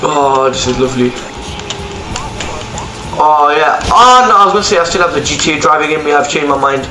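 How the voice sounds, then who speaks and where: Over background music, a young man who makes gaming videos on YouTube delivers tutorial and gameplay commentary in a slightly high voice with lively intonation and a fairly quick pace. He's casual and slangy, and the room is echoey with background noise.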